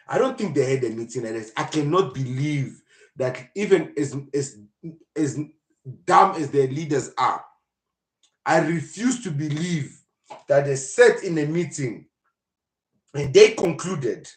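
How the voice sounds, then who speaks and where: A man hosting a casual live podcast, talking in an animated, mocking and joking way. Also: on the high side, a little slow. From South Africa. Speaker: podcast host. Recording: roomy echo.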